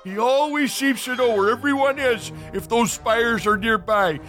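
A man's voice: very high voice, normal speed, fairly bright tone, faint music behind, voice pushed up. A man voicing a scheming male rebel leader who brags and rallies his men for a coup. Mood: rousing. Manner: brash, boastful rallying speech.

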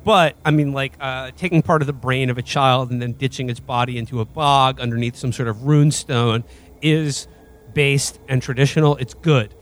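A man's voice: mid-range voice, fairly even intonation, moderate pace. A man playing in a tabletop game, rambling in a mock-serious way. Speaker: player.

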